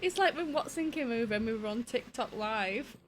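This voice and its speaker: A woman chatting casually on a live stream, giggly and animated, swearing freely as she tells stories. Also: a little high, fairly quick, a little hiss or hum. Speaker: streamer's wife, co-host.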